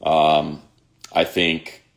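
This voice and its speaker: A man's voice: extremely low pitch, completely flat delivery, very slow. A man in his fifties, a sports radio host, chatting casually on a livestream and reading viewer comments aloud in a rambling way.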